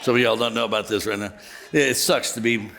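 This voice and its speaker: A male pastor preaching a sermon to his church, animated, joking and conversational. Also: mid-range voice, fairly quick, creaky, a faint crowd, a little hiss or hum. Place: church auditorium.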